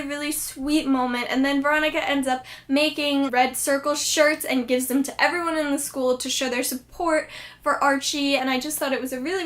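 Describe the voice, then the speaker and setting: A woman casually recapping a TV episode in a vlog, chatty and excitable, full of fillers like "like". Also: high-pitched. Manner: chatty, excitable, lots of "like" and "friggin'". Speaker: TV episode reviewer.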